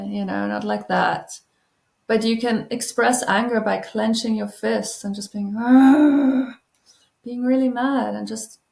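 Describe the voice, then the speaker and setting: A woman speaks softly and soothingly, guiding the listener through slow, deep breaths. Her mid-pitched voice has a gravelly edge of vocal fry. The room around her rings with a noticeable echo. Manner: soft, soothing, reassuring. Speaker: trauma-informed healing coach. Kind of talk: gentle guided breathing and self-help talk.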